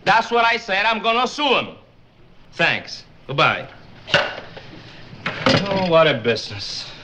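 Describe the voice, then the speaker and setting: An actor with a Cuban Spanish accent playing a hungry, harried husband in a 1950s TV sitcom, good-natured and chuckling. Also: male voice, sits high, big pitch swings, slow, pushed and bright, a little hiss or hum, full character voice, poor audio. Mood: exasperated.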